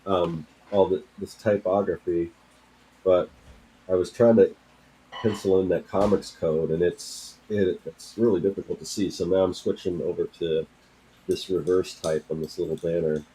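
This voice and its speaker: Male comic artist, very low husky voice, halting casual talk. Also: fairly even intonation, mellow, rough recording. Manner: hesitant, halting, talks while working. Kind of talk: casual chat.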